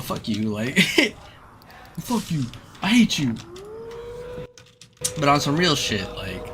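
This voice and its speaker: A man in casual chat, animated and profane, acting out people as he tells stories. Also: mid-range voice, slight background noise. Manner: animated, profane, acts out people mid-story.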